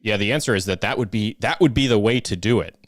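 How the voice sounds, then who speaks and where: Deep-voiced man telling a rambling story. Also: fast, dry recording, soft background music. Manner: rambling storyteller, many fillers and restarts. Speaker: co-host. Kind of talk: casual live-stream chat.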